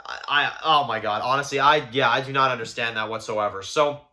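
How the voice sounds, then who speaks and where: Young male reviewer, bright tone, rambling casual delivery with exasperated asides. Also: medium pitch, a little fast. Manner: rambling, filler-heavy, exasperated gripes. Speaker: show reviewer.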